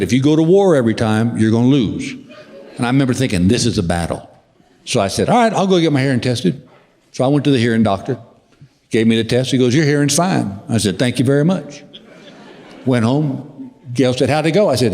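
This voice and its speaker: Drawling man doing stand-up on stage. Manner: drawling storyteller, mimics his wife in a higher voice. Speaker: stand-up comedian. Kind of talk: stand-up routine. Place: large theater stage. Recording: long hall reverb with loud crowd. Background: audience laughter.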